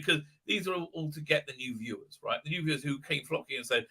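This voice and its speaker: A man hosting a live stream, ranting profanely and mocking characters in squeaky put-on voices. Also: quick pace, few pauses, bright, forceful tone. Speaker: show host.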